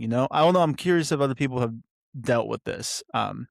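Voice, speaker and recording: A man's voice: medium pitch, expressive, brisk, vocal fry, no echo, clean studio sound. A young man hosting a solo podcast, rambling and interrupting himself with lots of fillers. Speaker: podcast host.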